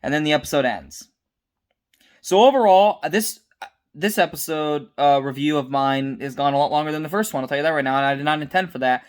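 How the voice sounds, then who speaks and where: A man's voice: fairly high pitch, a little fast, clear, resonant tone. A tired young man giving a casual, unscripted episode review, rambling with restarts and mixing up names.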